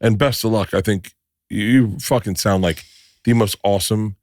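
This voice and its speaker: A man's voice: fairly low pitch, normal speed, a little mellow, no room sound, clean studio sound. A middle-aged man co-hosting a casual podcast with his wife, rambling and repeating himself, swearing now and then. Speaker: co-host, husband.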